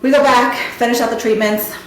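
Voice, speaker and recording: A woman's voice: on the high side, steady tone, brisk, slight background noise. A woman hosting a podcast, telling a personal story in an emotional, conversational way full of "you know" and "like". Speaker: podcast host. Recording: very echoey room.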